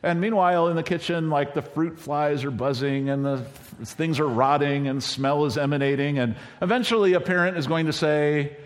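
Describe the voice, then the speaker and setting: A middle-aged man preaching a sermon in a conversational way, now and then acting out quoted lines in a higher voice. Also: normal speed. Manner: conversational, acts out quoted lines with bursts of high pitch. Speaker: pastor.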